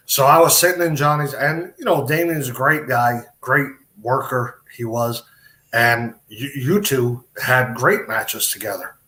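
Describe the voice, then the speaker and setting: A man's voice: medium pitch, measured pace, sharp tone. Man telling wrestling stories. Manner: rambling anecdotes with quoted dialogue. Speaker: podcast guest, wrestler. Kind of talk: casual storytelling interview.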